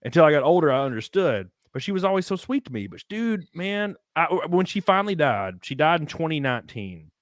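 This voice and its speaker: A man's voice: fairly high pitch, big pitch swings, brisk, hardly any pauses, a bit bright, no echo, clean studio sound. A man chatting as a guest, telling candid, profane family stories in a laid-back way. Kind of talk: casual chat among friends.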